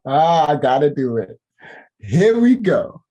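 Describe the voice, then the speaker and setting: A man with a husky, slightly breathy voice gives heated commentary. His pitch swoops up and down as he preaches. He hammers his points home by repeating them. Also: big pitch swings, slow pace, mellow. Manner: emphatic, preachy, repeats for emphasis. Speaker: ministry host reacting to clips.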